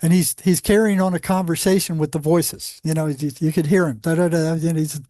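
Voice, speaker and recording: High-voiced man telling lively stories. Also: fairly quick, no room sound, studio quality. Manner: animated anecdotes with frequent restarts. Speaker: psychologist on a psychiatric unit. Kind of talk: casual storytelling in an interview.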